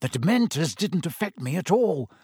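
A man voicing an eager teenage boy wizard who speaks excitedly. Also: on the high side, moderate pace, husky, no room sound, studio quality, heavily acted. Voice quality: excited, breathless.

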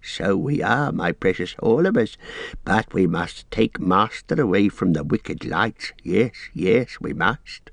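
A man's voice: deep voice, expressive, slow pace, creaky, no echo, full character voice. A man reading an audiobook and voicing a wretched, wheedling male creature with a hissing, whispery, strained voice that talks about himself in the third person. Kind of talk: audiobook character voice.

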